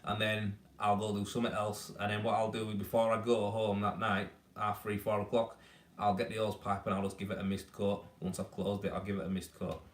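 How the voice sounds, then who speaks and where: Yorkshire tradesman on a live stream, easygoing and rambling, lowish voice, heard from off-mic in an echoey room. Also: little pitch movement, fairly quick, recorded from a distance. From Yorkshire, England. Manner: laid-back, matey, rambling. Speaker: renderer hosting a live stream. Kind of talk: casual live-stream chat answering viewers.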